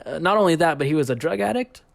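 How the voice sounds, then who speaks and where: A young man narrating a comedic story in a profane, rambling, deadpan way. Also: a little high, quick pace, creaky. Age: young adult. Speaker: YouTube storyteller.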